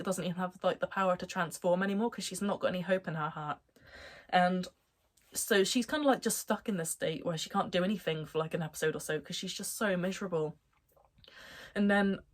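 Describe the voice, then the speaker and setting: A young woman talking casually about a cartoon series she loves, rambling with lots of fillers and bursts of enthusiasm. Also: fairly low pitch. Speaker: anime reviewer. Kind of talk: casual chat.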